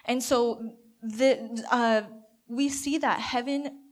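A woman giving a halting, imaginative reflection at a church gathering, with many restarts. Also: on the high side, steady tone. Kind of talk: sermon reflection.

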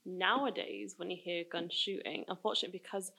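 A woman's voice: fairly low pitch, steady tone, brisk, creaky, bright, forceful tone, slightly rough. A woman who grew up in the countryside, chatting about a film in a casual group discussion, her speech full of "like" fillers.

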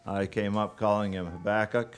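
A man giving a sermon as a guest preacher, unhurried and halting, with frequent pauses and fillers. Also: lowish voice, fairly even intonation, slight background noise.

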